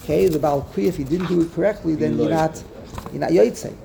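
Gravelly man teaching a text lesson. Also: a little high, fast talker, background noise. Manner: explains step by step, quotes verses in Hebrew; checks in with "okay?", repeats words while thinking. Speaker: Torah teacher.

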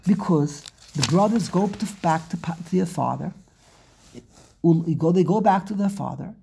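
A woman teaching a scripture lesson in an animated, emphatic way, often repeating phrases. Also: lowish voice, normal speed, gravelly, slight background noise. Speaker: religious teacher.

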